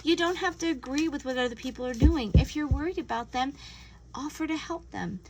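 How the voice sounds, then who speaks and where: A woman giving a casual spiritual tarot reading, earnest and gentle, often acting out imagined conversations. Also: high-pitched, a little fast, a little hiss or hum, rough recording. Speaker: tarot reader.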